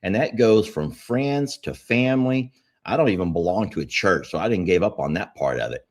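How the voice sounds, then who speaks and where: A man's voice: low-pitched, animated, normal speed. A man, co-hosting a casual podcast chat and telling rambling stories. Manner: rambling storytelling, easygoing. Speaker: podcast co-host.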